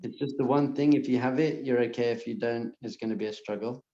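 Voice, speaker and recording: A man, a rabbi, giving an earnest class to a live audience and softly repeating calming phrases. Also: mid-range voice, fast talker. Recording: muffled, echoey room.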